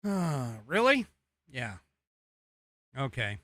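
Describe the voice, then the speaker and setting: A man's voice: mid-range voice, huge pitch swings, drawn-out words, a bit bright, dry recording, clean studio sound. A man hosting a political talk show, rambling and exasperated, with sarcastic asides and an American accent. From United States. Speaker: podcast host. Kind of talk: casual political commentary.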